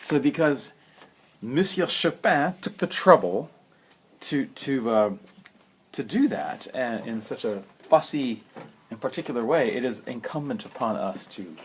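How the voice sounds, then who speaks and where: A man giving a spoken piano lesson, unhurried and thoughtful, who sings rhythms and counts beats aloud. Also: medium pitch, expressive, slightly rough. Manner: unhurried, thoughtful, with many fillers. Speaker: piano teacher.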